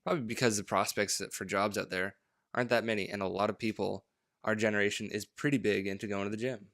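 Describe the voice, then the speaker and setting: A young man with a somewhat low voice co-hosts a relaxed podcast chat. He talks in a laid-back way and swears casually. The recording is dry and close. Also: quick pace, no echo. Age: young adult. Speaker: podcast co-host.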